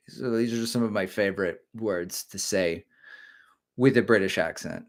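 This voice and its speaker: A man's voice: low voice, steady tone, normal speed. A middle-aged man hosting a casual live stream, joking and rambling while he reads viewer comments aloud.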